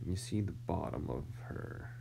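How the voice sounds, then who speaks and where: A male artist from the United States talks to himself while drawing on stream, mumbling and sliding into near-whispers with self-deprecating asides. His voice sits low, expressive and creaky, a little slow. The background is noisy.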